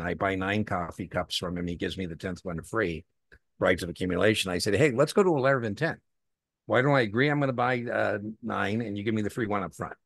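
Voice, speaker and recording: A man's voice: low-pitched, vocal fry, breathy edge, dry recording, studio quality. A man teaching an exam prep class in a conversational way, telling anecdotes and acting out the dialogue in them. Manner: animated storytelling, acts out dialogue; repeats key points for emphasis.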